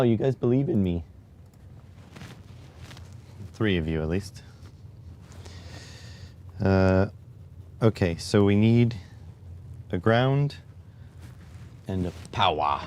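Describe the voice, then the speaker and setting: Deep-voiced guy streaming, slow and low, talking himself through it, dry little jokes to chat. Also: lively intonation, a little mellow, slight background noise. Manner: thinks aloud step by step, wry asides to viewers. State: recovering back injury. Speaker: livestream host. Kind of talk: casual livestream chat while tinkering.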